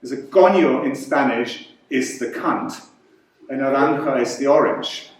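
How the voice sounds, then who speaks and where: Slow-talking German stand-up comedian. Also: male voice, medium pitch, slight background noise. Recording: echoey hall from far off.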